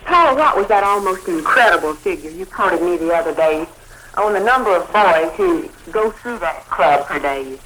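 A woman interviewing a guest on a scripted 1940s radio broadcast, asking lively, bantering questions. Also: lowish voice, moderate pace, slight background noise, poor audio.

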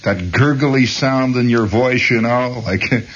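A man's voice: medium pitch, a little slow, lo-fi sound. A man rambling hesitantly as host of a late-night radio monologue. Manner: meandering, hesitant, chuckling.

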